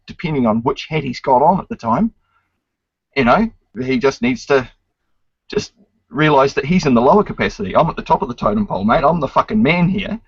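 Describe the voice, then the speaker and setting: A man's voice: medium pitch, breathy edge, no room sound. A man hosting a casual online chat, lecturing emphatically and swearing often. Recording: dry, dull lo-fi sound.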